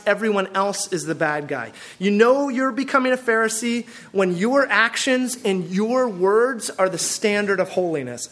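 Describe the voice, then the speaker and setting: A man from the Pacific Northwest of the US preaching a sermon as a pastor, animated and full of rhetorical questions. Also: sits high.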